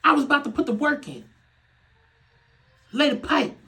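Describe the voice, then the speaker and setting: A young man hosting a podcast, ranting in a loose comedic way. He laughs often, swears freely and swings from loud outbursts to low muttering. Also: very animated, normal speed, rough recording. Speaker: podcast host. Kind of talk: casual comedic rant.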